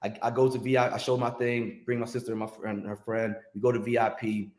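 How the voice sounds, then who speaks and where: A man's voice: medium pitch, quick pace, echoey room. A middle-aged man from the music business, chatting casually and acting out the voices in his stories. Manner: animated storyteller acting out quotes. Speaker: music industry guest telling stories. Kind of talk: casual storytelling chat.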